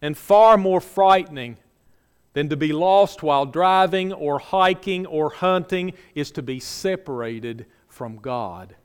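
A man preaching a sermon to his congregation in earnest tones, repeating phrases for emphasis and dropping soft and low at the ends of lines. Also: slow pace, clean tone. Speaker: pastor. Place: church sanctuary. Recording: long hall reverb.

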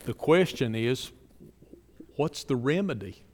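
A man's voice: mid-range voice, expressive, takes it slowly, a little mellow, in a large hall, slight background noise. A man preaching a sermon, reading scripture aloud with strong emphasis and putting pointed questions to his congregation.

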